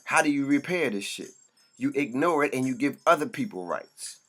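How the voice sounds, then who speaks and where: A man's voice: mid-range voice, animated, moderate pace, a bit bright. Blunt, profane man in an impassioned rant. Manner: blunt and profane, preaching in bursts. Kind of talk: impassioned monologue.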